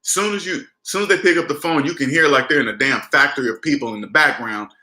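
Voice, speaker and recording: Blunt, bright-voiced man in an echoey room. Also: on the high side, quick pace. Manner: emphatic, blunt, repetitive restarts. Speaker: personal finance vlogger. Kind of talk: casual lecture to the camera. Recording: roomy echo.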